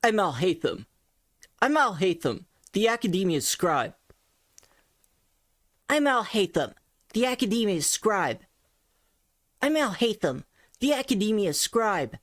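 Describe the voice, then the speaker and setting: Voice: mid-range voice, sing-song, unhurried, long pauses, a bit bright, dry recording, studio quality, voice pushed up. Someone imitating a punchy, aloof young scholar. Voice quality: abrupt and punchy. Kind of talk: voice impression practice.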